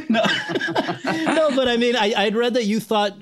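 A man's voice: extremely high pitch, a little slow, pauses often. Man asking rambling interview questions.

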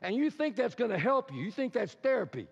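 A man with a notably high voice preaches a sermon, spinning the story out with animated asides and rhetorical questions. A long echo carries his words across the church sanctuary, and the recording sounds dull and lo-fi. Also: a little fast, vocal fry, husky. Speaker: pastor. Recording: reverberant hall, dull lo-fi sound.

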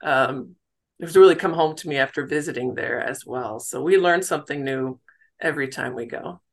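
A woman's voice: a bass voice, moderate pace. A middle-aged woman from the United States, a novelist chatting in an interview, laughing easily and poking fun at herself. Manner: chatty, laughs easily, warm self-deprecating. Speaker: novelist guest. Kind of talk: casual interview talk.

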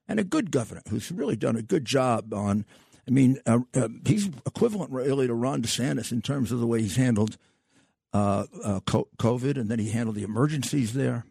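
Gravelly emphatic older talk-radio host. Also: male voice, medium pitch, a little mellow, dry recording, clean studio sound. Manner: emphatic, repetitive, scornful.

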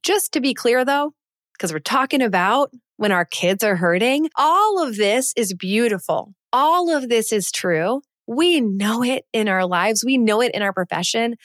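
A woman's voice: on the high side, lively intonation, unhurried, no room sound, studio quality. A woman co-hosting a podcast, speaking in a reflective, reassuring way. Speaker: podcast co-host. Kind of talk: casual podcast conversation and outro.

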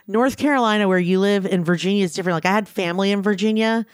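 A woman co-hosting a podcast in casual chat, talking in a chatty, teasing way with quick asides. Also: mid-range voice, clean tone, no echo, clean studio sound. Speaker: podcast co-host.

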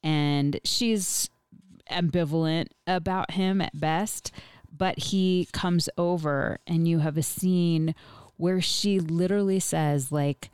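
A woman's voice: on the low side, steady tone, slow, a little mellow, clear, resonant tone, dry recording, studio quality. A woman interviewer setting up long, thoughtful questions about a book. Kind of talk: interview conversation.

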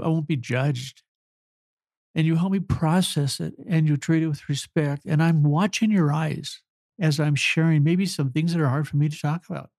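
Older male counselor, emotional and earnest, mellow dry voice. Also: a little high, no echo. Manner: earnest, halting, apologetic. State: choked up with emotion. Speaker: family counselor. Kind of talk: emotional interview answer.

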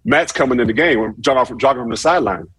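A man casually telling a profane story, acting out shouted quotes with animated energy. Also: mid-range voice, quick pace, husky, no echo. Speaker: former football player telling a story.

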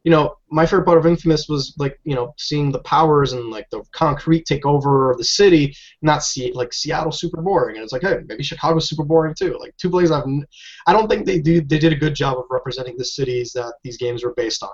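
A man rants about games in quick, tumbling bursts, swearing freely. His voice sits a little high. The recording is dull and lo-fi. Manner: ranting, animated, swears freely. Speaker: podcast co-host. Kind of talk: casual gaming chat. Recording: dull lo-fi audio.

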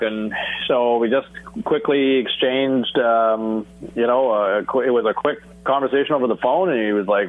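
A man's voice: fairly low pitch, moderate pace. A middle-aged man from Canada telling a story about his broadcasting career in a casual interview, acting out bits of dialogue. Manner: animated, acts out phone dialogue. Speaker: sports broadcaster guest. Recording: tinny phone-like audio.

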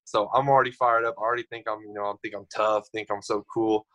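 A young man in his twenties, a podcast guest telling stories in a casual, animated way. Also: fairly low pitch, quick pace, highs cut off. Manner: animated storyteller, acts out others' lines. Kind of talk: casual storytelling.

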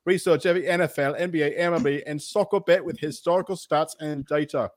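A man's voice: on the high side, steady tone. Man reading a sponsor ad. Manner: brisk promotional read. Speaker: podcast co-host. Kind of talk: read sponsor ad.

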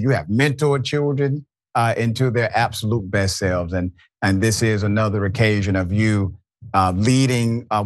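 A man with a lowish voice hosts a talk show in a measured, respectful way and calls his guest brother. The sound is close and dry, with no room around it. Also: no room sound. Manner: measured, warm praise, addresses guest as dear brother. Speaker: host.

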